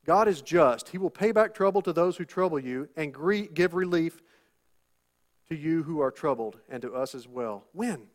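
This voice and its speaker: A man preaching with a high, light voice. He leans on repeated lines and rhetorical questions, calling out to the congregation for an "Amen". His delivery is emphatic and insistent. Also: lively intonation, moderate pace. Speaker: pastor. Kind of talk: sermon.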